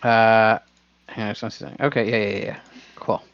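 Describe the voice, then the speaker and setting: A man's voice: fairly low pitch, fairly even intonation, moderate pace, vocal fry, fairly bright tone. A man playing a tabletop game over voice chat, easygoing and a bit hesitant. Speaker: player. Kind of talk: casual chat. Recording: dull lo-fi voice chat.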